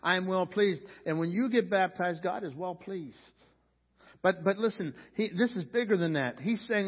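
A man's voice: high voice, normal speed, breathy edge. A male pastor preaching a sermon in a church, talking in a loose conversational way and restarting his sentences often. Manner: conversational, repeats words when starting sentences. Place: church sanctuary. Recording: dull sound, long reverb of a church hall.

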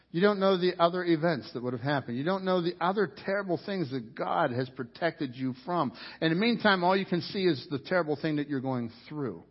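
A man's voice: a little high, expressive, normal speed, husky. A man preaching a sermon as pastor, earnest and conversational, repeating his key points for emphasis. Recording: dull lo-fi audio with long hall reverb.

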